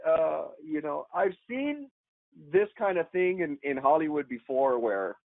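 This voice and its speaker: A man, an actor guest on a podcast, telling a story in an animated, slangy way and calling people "man", "dude" and "bro". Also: on the high side, measured pace, no room sound. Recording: tinny phone-like remote call line, dry.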